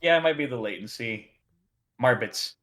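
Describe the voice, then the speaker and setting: A man's voice: medium pitch, lively intonation, normal speed, a bit bright. A man co-hosting a reaction video over a call, chatting casually and laughing easily. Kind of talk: casual chat.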